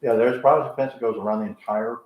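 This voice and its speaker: A man's voice: medium pitch, fairly even intonation, rapid-fire, lo-fi sound. A man from Georgia with a Southern accent, chatting casually and telling jokes while hosting a live home tour. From Georgia, USA. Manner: chatty, joking storyteller. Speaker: real estate agent hosting a live tour. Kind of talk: casual live-stream chat. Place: inside a house on tour. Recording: echoey room with faint noise.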